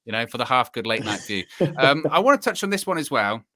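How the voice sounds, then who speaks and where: A man hosting a casual live football chat stream, animated and repeating himself for emphasis. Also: mid-range voice, fast, no room sound, studio quality. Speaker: host.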